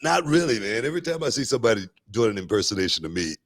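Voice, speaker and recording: A man's voice: on the low side, sing-song, very fast, no room sound, studio quality. A man co-hosting a wrestling podcast in casual chat. He opens with punchy catchphrases and often adds "you know what I mean". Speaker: podcast co-host.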